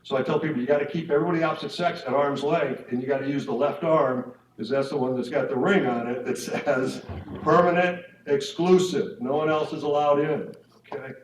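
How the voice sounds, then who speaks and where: A man speaks at middling pitch and gives a relaxed, conversational talk to couples. He keeps checking in with his listeners through tag questions. His voice fills a reverberant room and reaches the mic from some distance, with a faint hum of room ambience. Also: fast, hardly any pauses. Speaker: speaker at a parish marriage evening. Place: church hall or meeting room.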